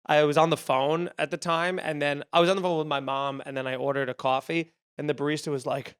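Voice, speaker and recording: A man guesting on a comedy podcast, telling stories in an animated, playful way. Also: a little high, fast, clear, resonant tone. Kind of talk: casual comedy podcast chat.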